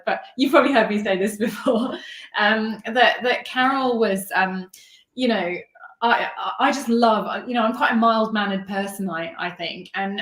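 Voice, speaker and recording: A woman's voice: medium pitch, a bit bright. A woman author being interviewed, talking in a hesitant, self-deprecating way with many restarts. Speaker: author guest. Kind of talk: casual interview chat. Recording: roomy echo.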